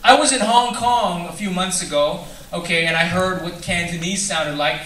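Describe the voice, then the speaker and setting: A man's voice: high voice, normal speed, a little hiss or hum. A man with a Filipino accent doing stand-up comedy on a theatre stage, jokey and slipping into mock accents. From Philippines. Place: theatre stage before a live audience. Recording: distant echoey theatre recording with loud crowd.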